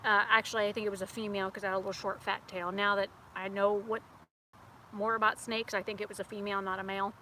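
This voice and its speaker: A woman vlogger, chatting outdoors and telling an animated story. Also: medium pitch, fast, slight background noise. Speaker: beauty vlogger. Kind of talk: casual storytelling vlog. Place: outdoors near a house.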